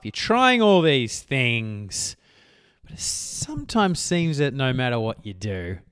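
This solo podcast monologue comes from a man in his thirties who works as a business coach. He's casual, chatty, and rambling, frequently self-correcting mid-sentence, with a mid-range, fairly bright voice recorded at studio quality without echo.

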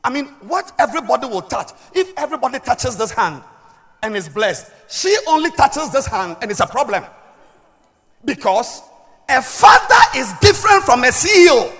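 A woman's voice: big pitch swings, normal speed. Woman preaching in an echoey hall. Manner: swings between loud shouted emphasis and quiet, low asides. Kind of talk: sermon. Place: large church hall. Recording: echoey hall with long reverb.

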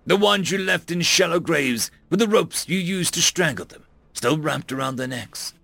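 A man voicing a cold vigilante in an audiobook, ominous and snarling. The voice sits a little higher and harder than his narration, with a gravelly, bright edge. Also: moderate pace, no room sound, heavily acted. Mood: grim. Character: grim male avenger, cold and menacing.

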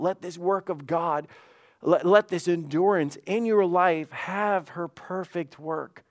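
Fervent man preaching a sermon. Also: on the high side. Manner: fervent preaching with emphatic repetitions. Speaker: pastor.

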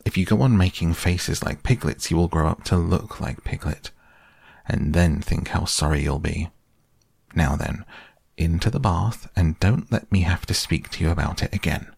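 Man voicing a motherly kangaroo, brisk, soothing, firm, storybook, gravelly. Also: low voice, darkish tone, no echo, studio quality, full character voice. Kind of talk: storybook reading.

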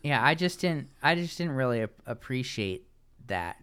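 A man co-hosting a podcast, chatting casually and sarcastically about a reality show, with halting restarts. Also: medium pitch, sing-song, fairly bright tone, smooth. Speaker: podcast co-host. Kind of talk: casual podcast recap chat.

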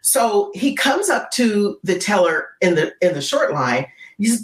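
Appearing as a guest on a podcast, a woman who gives keynote talks tells an animated story, her pitch swinging widely as she gets absorbed. She often checks in with a quick "right?", and the recording has a roomy echo.

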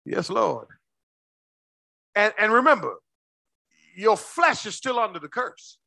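A man preaching a sermon as pastor, quizzing his congregation with quick questions and slowing down hard to stress key words. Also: sits high, big pitch swings, gravelly, pushed and bright, no room sound. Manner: call-and-response questions to the congregation.

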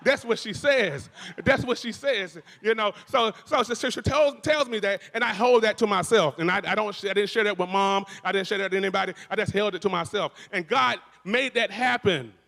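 Male church speaker, fervent preacher cadence, slightly high, long hall reverb. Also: brisk, vocal fry, few pauses. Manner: energetic, repetitive preacher cadence with frequent restarts. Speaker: worship musician and speaker. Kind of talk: testimony in a church service. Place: church building.

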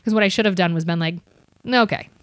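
Young woman comic, podcast guest; lively and profane storytelling, mimics other people, close dry sound. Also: on the low side, very fast, dry recording. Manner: animated, profane, acts out others' voices.

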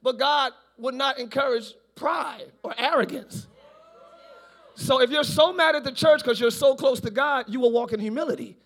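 Male pastor, very high voice, live church sermon, shouts and jokes. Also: normal speed. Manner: animated preaching, often shouting, playful asides. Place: large church, live service.

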